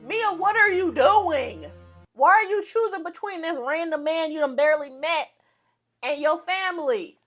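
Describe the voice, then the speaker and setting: A woman's voice: very high-pitched, normal speed, a bit bright, faint music behind. A young woman giving casual reaction commentary to a movie, talking back at the screen with teasing jokes and exclamations.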